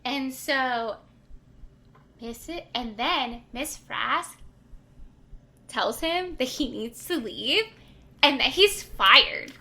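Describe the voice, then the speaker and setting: Bright high-voiced woman recapping a book. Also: lively intonation, extremely slow, pauses often. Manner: retells the plot, acting out the characters' lines. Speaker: book podcast co-host. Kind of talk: casual book recap chat.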